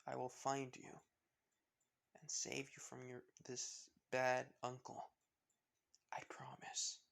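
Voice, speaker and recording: A man voicing a kind, protective teenage boy hero who speaks in soft, quiet reassurance. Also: medium pitch, steady tone, takes it slowly, gravelly. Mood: tender.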